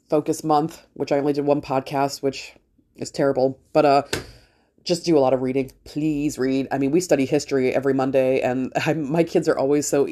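A middle-aged woman with a deep, slightly mellow voice hosts a podcast, offering a casual opinion monologue. She talks bluntly, swears freely, and rambles with frequent restarts.

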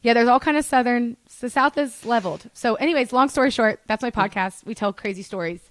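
A young woman guesting on a podcast chats casually, her voice a little high and a little fast. She tells rambling stories, laughing and swearing as she goes.

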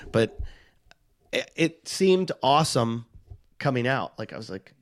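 A man's voice: medium pitch, big pitch swings, measured pace. A middle-aged man, a touring comic, telling rambling self-mocking stories in casual chat and acting out the people he quotes. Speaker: touring stand-up comic, podcast guest.

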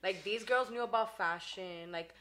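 A woman's voice: medium pitch, normal speed. A young woman telling stories in casual chat, acting out quotes and laughing often. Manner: animated storyteller, acts out quotes, laughs often.

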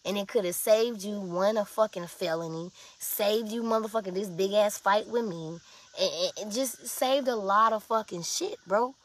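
Young woman, casual storytime to viewers, blunt, swears a lot, mid-pitched voice. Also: moderate pace. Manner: blunt, profane, emphatic storytelling.

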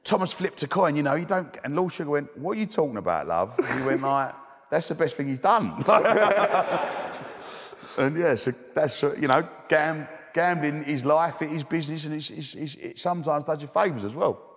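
A man's voice: a little high, animated, normal speed, a bit bright. Chatty man telling stories in a hall. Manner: chatty, laughing, plain-spoken. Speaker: guest speaker. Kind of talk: storytelling. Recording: long hall reverb.

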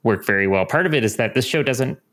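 A man's voice: mid-range voice, fast. A young man co-hosting a podcast, chatting casually and full of enthusiasm, with many fillers. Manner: relaxed, filler-heavy, enthusiastic about the show. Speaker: podcast co-host. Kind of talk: casual chat.

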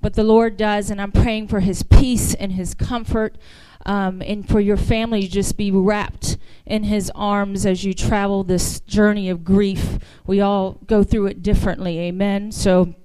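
A woman's voice: medium pitch, a little mellow, clear, resonant tone, no echo, low-quality recording. A woman from the American South with a Southern accent, speaking as a guest preacher at a church pulpit, talking casually and then rising into fervent exhortation. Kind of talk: church sermon. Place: church sanctuary.

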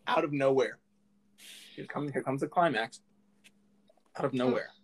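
A man's voice: medium pitch, moderate pace. A young man in casual chat, telling a silly made-up story in a playful, teasing way.

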